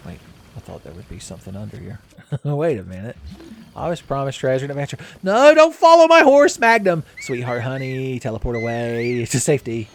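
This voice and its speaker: A man's voice: mid-range voice, fairly quick, creaky, darkish tone, slight background noise. Jokey rambling man playing a game. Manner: rambling, jokey, laughs often. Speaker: let's play host. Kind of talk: casual gameplay commentary.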